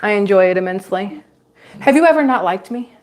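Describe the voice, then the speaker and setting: A woman's voice: medium pitch, expressive, brisk. A woman in her forties hosting a casual livestream, chatting and joking and reading viewer comments aloud. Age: 40s. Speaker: livestream host and mother.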